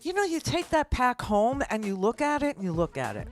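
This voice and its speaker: A woman radio host telling a casual, self-mocking kitchen story with animated asides. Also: lowish voice, a little fast, few pauses, faint music behind. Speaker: radio talk show host.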